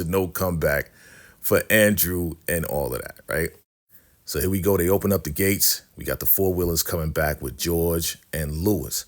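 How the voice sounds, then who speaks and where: A young man giving a casual recap of a TV episode, acting out the characters' lines in quick slangy asides. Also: sits low. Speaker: recap youtuber.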